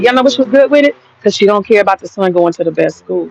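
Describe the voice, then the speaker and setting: An American woman hosts a livestream and rants bluntly, cussing freely as she reacts to the chat. Her pitch sits in an ordinary middle range for a woman. The stream audio is dull and lo-fi. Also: lively intonation, quick pace, creaky, background noise. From United States. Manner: blunt, profane ranting. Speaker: livestream host. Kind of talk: livestream commentary reading chat.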